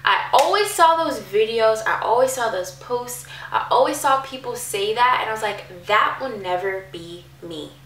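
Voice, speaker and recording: A woman's voice: a little high, animated, normal speed, hardly any pauses, a bit bright, roomy sound, far from the mic. A woman in her twenties talking candidly and emotionally in a personal vlog, with many fillers and near tears at times. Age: 20s. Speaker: vlogger.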